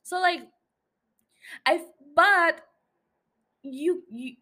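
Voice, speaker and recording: A woman's voice: very high-pitched, extremely slow, pushed and bright. A young woman hosting a casual solo podcast, rambling, swearing freely and laughing at herself. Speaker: podcast host.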